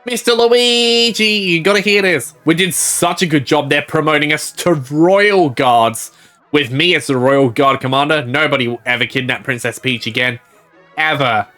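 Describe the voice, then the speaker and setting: A cocky little male mushroom captain from a video game, his voice pitched high and bright. He brags in a proud, stretched-out way, as a man puts him on while reading the lines aloud. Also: moderate pace, soft background music. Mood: boastful.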